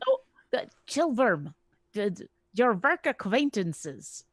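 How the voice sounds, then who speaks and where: A woman's voice: fairly high pitch, sing-song, slow pace, slightly rough, dry recording, studio quality. A woman playing a tabletop game, chatting playfully with her group. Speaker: player.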